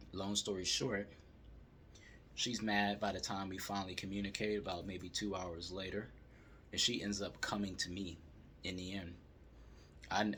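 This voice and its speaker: A man calmly telling a story as he gives dating advice to male viewers. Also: low voice, slight background noise. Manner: calm, steady storytelling.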